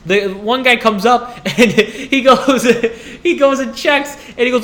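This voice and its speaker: Young man, high voice, bright and tense tone, animated solo podcast rant, complaining and laughing. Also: moderate pace, few pauses. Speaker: podcast host.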